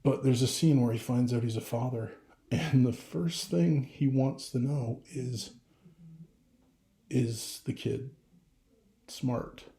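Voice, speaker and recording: A man's voice: medium pitch, measured pace, warm tone, roomy sound. A middle-aged father talking casually to camera, rambling with restarts and getting emotional. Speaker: vlogger.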